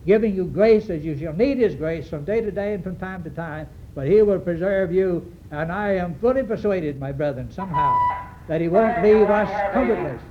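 A man preaching a sermon to his congregation, earnest and halting, with many fillers and restarts. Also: sits high. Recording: dull lo-fi recording with faint hiss.

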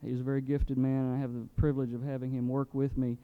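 A man acting as pastor, calmly introducing the speakers and asking the congregation to pray. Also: medium pitch, fast talker, smooth. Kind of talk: sermon introduction. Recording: muffled church hall recording.

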